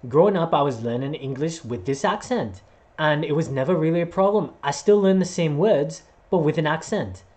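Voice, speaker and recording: Lively storytelling man, expressive pitch. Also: moderate pace. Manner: animated, acts out voices while telling a story. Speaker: vlogger and voice actor. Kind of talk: casual personal storytelling to camera.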